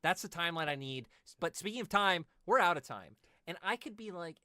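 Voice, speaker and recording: A man's voice: high-pitched, lively intonation, fairly quick, sharp tone, no room sound, studio quality. A man hosting a casual podcast among casters, chatty and joking as he wraps things up. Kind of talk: casual chat.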